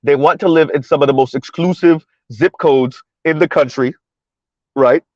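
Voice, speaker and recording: Behind the wheel in floodwater, a South Florida commentary vlogger with a fairly high voice keeps up casual chatter for his viewers at normal speed. He repeats his points and laughs between them. The sound is close and echo-free, dull and muffled in a lo-fi way.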